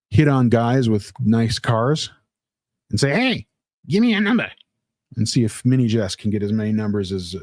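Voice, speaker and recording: A man hosts a casual livestream, reading chat comments aloud in a rambling, playful way packed with fillers. His medium-pitched voice has a dark tone, and the recording is dry.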